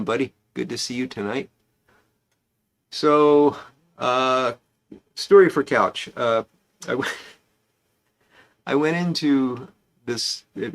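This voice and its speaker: A man hosting a casual pipe-smoking livestream, rambling and chatty as he greets viewers by name. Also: medium pitch.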